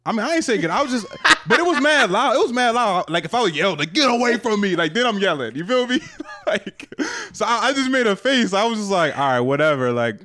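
A man's voice: high voice, fairly quick, hardly any pauses. A young man co-hosting a podcast in casual chat, telling stories with lots of slang and frequent laughter. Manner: animated storyteller, laughs often, slangy. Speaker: podcast co-host.

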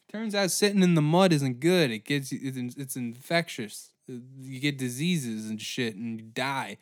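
A man hosting a comedy history podcast, ranting in a profane, animated way. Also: mid-range voice, a little slow, dry recording, studio quality. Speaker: podcast host.

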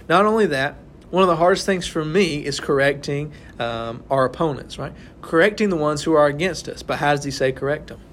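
A man's voice: medium pitch, fairly bright tone, slight background noise. A young man leading a casual Bible study, talking to the group and checking in with "right?" again and again. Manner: conversational, keeps asking "right?". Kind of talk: informal sermon to a small group.

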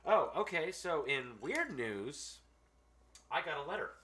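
A man with a bright, forward voice talks casually with a co-host on a podcast. He rambles and restarts his sentences often. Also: fairly high pitch, sing-song, unhurried, slight background noise. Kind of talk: casual chat.

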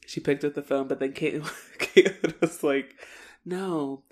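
A woman's voice: deep voice, steady tone, moderate pace. A woman co-hosting a podcast, retelling an episode in casual chat and acting out the characters' lines with laughs. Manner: chatty storytelling, acts out characters' lines, laughs. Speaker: podcast co-host. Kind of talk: casual episode recap narration.

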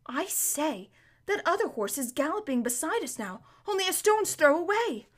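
A frightened young boy from a storybook, voiced by a woman, his voice pushed up high and tight with worry. He speaks breathlessly and anxiously. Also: very animated, moderate pace. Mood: pleading.

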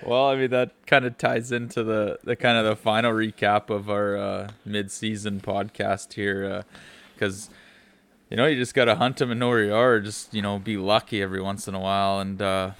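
A man's voice: on the low side, fairly even intonation, moderate pace, a bit bright. A man hosting a casual podcast, laid-back and joking, swearing casually. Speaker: podcast host. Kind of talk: casual chat.

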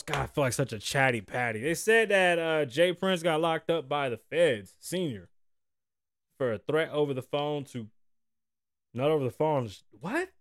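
Brash podcast host in his forties, profane and animated, with a fairly high voice and a dry, close sound. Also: dry recording. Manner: profane, animated trash talk. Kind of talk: casual podcast chat.

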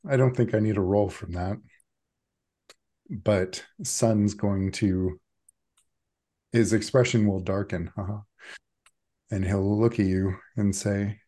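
A man with a low voice narrates a tabletop game as its game master. He takes his time, describing the action in a playful, storytelling way. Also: steady tone, slow, pauses often, dark tone.

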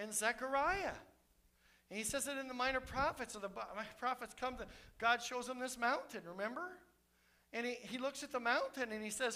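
A man preaching a sermon as pastor, swinging between fervent shouts and soft, intimate asides. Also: very high voice, fairly quick.

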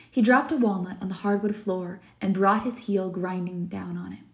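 Fields: A woman teacher reading a story aloud for a lesson, narrating in a measured, deliberate way. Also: medium pitch, steady tone, creaky.

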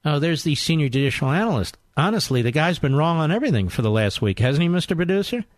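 Man, talk radio host, mocking, combative, lively swings in pitch, slightly high voice. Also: quick pace, no room sound, clean studio sound. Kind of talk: sarcastic political talk radio monologue.

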